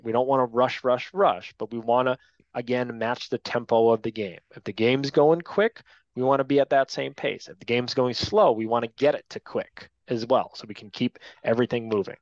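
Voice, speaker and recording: A man leads a training class for new officials, talking in a straight, no-nonsense way and checking in with "right?" after his points. His voice sits at an ordinary middle pitch. The recording is dull and lo-fi, with a dry, close sound. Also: no room sound. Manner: direct, to-the-point, frequent tag "right?".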